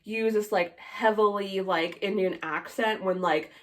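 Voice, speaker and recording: A woman's voice: mid-range voice, unhurried. This young woman speaks in a mid-range voice and talks in a loose, opinionated way, filling her sentences with "like". She co-hosts a casual podcast chat. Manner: chatty, opinionated, heavy use of "like". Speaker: podcast co-host.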